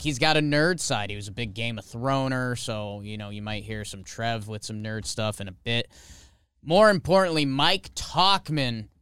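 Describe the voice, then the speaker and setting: A man's voice: mid-range voice, bright, forceful tone, smooth, no room sound, clean studio sound. A man co-hosting a sports podcast, presenting a joking award in casual, playful chat. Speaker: podcast co-host.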